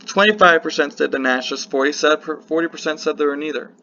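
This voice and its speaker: Gravelly-voiced man rambling on politics. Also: on the high side, fast talker, bright, forceful tone. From United States. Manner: rambling, self-interrupting, with apologetic asides. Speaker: political vlogger. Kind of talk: casual political commentary to camera. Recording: slightly muffled with faint hiss.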